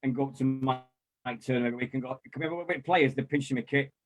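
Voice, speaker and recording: A man, chatting casually and telling lively anecdotes with mild swearing and quoted voices. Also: mid-range voice, racing, muffled recording, soft background music. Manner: animated storyteller, mild swearing, acts out quotes. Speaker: former club volunteer and kit man.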